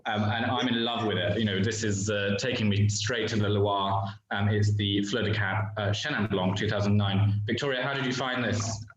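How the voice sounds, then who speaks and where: A man hosting a casual panel, chatty and enthusiastic, often chiming in with quick affirmations. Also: fairly low pitch, steady tone. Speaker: host, auction specialist. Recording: very echoey room.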